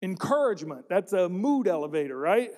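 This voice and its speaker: A man's voice: sits high, big pitch swings, brisk, warm tone. A man preaching a sermon to his congregation, speaking conversationally and often asking them questions. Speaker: pastor.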